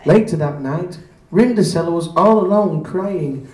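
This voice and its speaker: A male comedian with a slightly high voice telling a rude fairy tale packed with spoonerisms. His delivery is deadpan and matter-of-fact. The sound is roomy and distant, as if caught by a camera across a pub. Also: measured pace. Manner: deadpan comic narration with self-corrections. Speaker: stand-up comedian. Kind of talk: bawdy spoonerism storytelling. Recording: echoey pub from far off.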